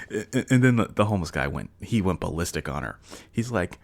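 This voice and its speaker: Deep gravelly guy rambling on his podcast, lots of ums and likes, chuckles a bit. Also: very animated, normal speed, pauses often. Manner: rambling, loose delivery with many fillers and restarts. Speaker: podcast host. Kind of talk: casual solo podcast storytelling.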